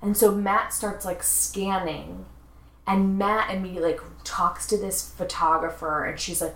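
A woman's voice: lowish voice, steady tone, normal speed, a bit bright. Chatty woman in an echoey room. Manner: chatty, storytelling with asides. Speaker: podcast co-host. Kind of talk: casual chat. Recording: roomy echo.

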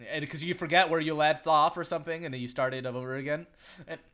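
A man's voice: on the high side, fairly even intonation, fast talker, a bit bright. A young man co-hosting a podcast, chatting casually in a rambling way, swearing a lot, laughing often and saying "like" constantly. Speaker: podcast co-host. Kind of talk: casual chat.

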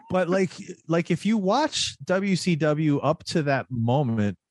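Animated man in casual chat. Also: fairly high pitch, takes it slowly, no echo. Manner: animated, restarts often, slips into comic voices.

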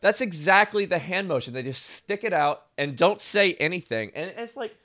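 A man's voice: high-pitched, lively intonation, normal speed, bright, forceful tone, dry recording. A man telling stories in casual chat, rambling with lots of "like" and frequent laughter.

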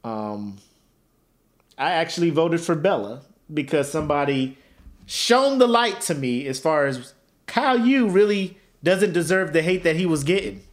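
A man co-hosting a comedy podcast with a lively, swooping voice. He tells stories in loose, profane chat and keeps slipping into the voices of the people in them. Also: on the high side, a little slow. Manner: animated storyteller, acts out voices, profane. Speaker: podcast co-host.

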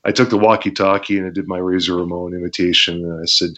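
A former pro wrestler, appearing as a guest, tells stories in a casual interview with a deep, low voice. He's a laid-back raconteur who laughs as he goes and leans on plenty of fillers, speaking briskly with few pauses. The audio is muffled and lo-fi.

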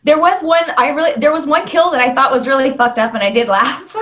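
A woman's voice: high-pitched, steady tone, fairly quick, a bit bright. Rambling woman with a dull lo-fi sound. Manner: rambling, laughs a lot, lots of "like". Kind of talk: casual movie review chat. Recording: dull lo-fi audio.

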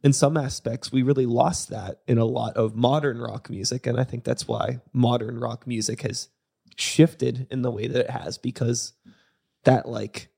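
A man's voice: mid-range voice, fairly even intonation, normal speed, vocal fry, dark tone, husky. A man hosting a casual interview, chiming in and agreeing easily. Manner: agreeable, chimes in with short reactions.

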